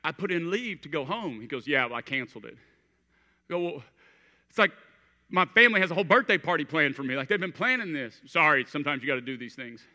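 Male pastor, thirties, high and sharply bright, church hall reverb, storytelling sermon with hushed-to-emphatic swings. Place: church auditorium. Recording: long reverb of a large hall.

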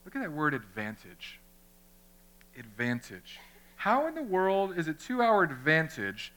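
A man, a pastor, preaching a lively sermon, talking straight to his congregation and acting out little scenes. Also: fairly high pitch, unhurried. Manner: conversational, addresses the congregation directly; animated, acts out little scenes.

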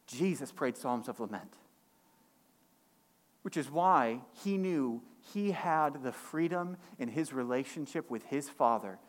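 A man preaching a sermon as pastor, climbing higher and louder on key points and dropping low and quiet in reflective stretches. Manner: impassioned, rising in pitch and force on key points; drops to a quiet, low delivery for reflective passages.

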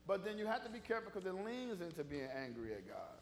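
High, lively-voiced preacher man. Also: fast, vocal fry, few pauses. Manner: conversational preaching that builds to loud, fervent exhortation. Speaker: pastor. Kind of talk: sermon.

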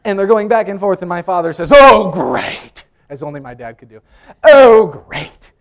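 Animated preacher, higher-pitched man. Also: fast talker. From New York. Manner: animated storyteller, acts out voices loudly; repeats words and restarts often. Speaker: pastor. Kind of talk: sermon with personal stories. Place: church sanctuary.

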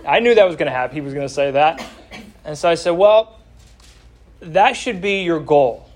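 A man's voice: a little high, lively intonation, moderate pace. A middle-aged man teaching an adult Bible class, telling a family story in a folksy way and stressing key words.

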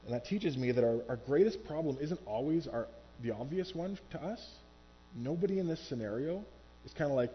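Male pastor preaching from a church stage, animated, slips into quoted voices, dull lo-fi sound with faint music behind. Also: a little high, a little fast. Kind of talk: sermon.

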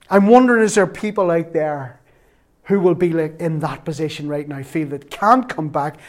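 A man's voice: a little high, darkish tone. A man preaching a sermon as pastor, emphatic and repeating his key phrases.

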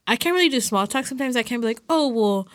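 A woman's voice: fairly high pitch, lively intonation, racing, fairly bright tone, no room sound, clean studio sound. A young adult woman chatting as a podcast guest, rambling loosely with lots of filler words between thoughts. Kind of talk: casual chat.

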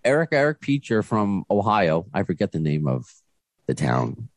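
A deep-voiced man hosts a podcast in a loose, rambling chat, his pitch swinging widely as he talks. The sound is dry and close, with no room around it. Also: very animated, moderate pace, no echo. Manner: chatty, rambling with restarts. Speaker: podcast host. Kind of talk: casual chat. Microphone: video call.

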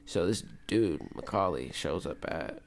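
A man telling an anecdote in relaxed, rambling casual chat. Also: low voice, unhurried. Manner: laid-back, rambling, casual storyteller. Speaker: chat partner.

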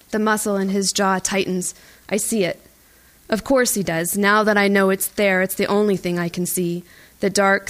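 Woman reading a tense audiobook, first person, steady and even. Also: medium pitch. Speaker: audiobook narrator. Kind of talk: first-person scripted narration.

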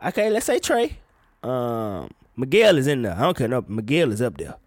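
A man giving a casual, profane solo rant about music gossip, breaking into sudden loud high outbursts. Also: very animated, moderate pace, no echo, studio quality. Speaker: solo commentator.

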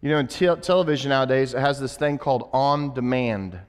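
A man's voice: mid-range voice, brisk, smooth, long reverb tail. A man giving a conversational sermon as a pastor, with frequent restarts and asides.

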